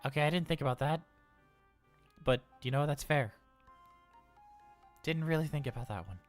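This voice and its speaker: On a live role-play stream, a man plays a male robot daycare attendant who is anxious yet cheerful, chatting, getting flustered, and rambling through stammers. His fairly high voice moves at a normal speed and sounds close to everyday speech, with soft music in the background.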